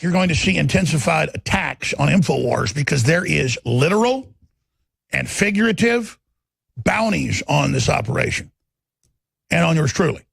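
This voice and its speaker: Gravelly combative talk show host man. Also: fairly high pitch, fairly bright tone, dry recording. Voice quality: gravelly, husky voice. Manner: combative, rambling, acts out quoted voices. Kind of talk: political talk show monologue.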